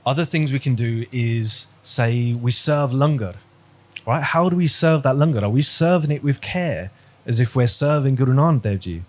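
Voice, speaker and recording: At normal speed and medium pitch, a religious teacher on a video call runs an online class lesson in a chatty, question-asking style. He quizzes his students and tells stories as he goes.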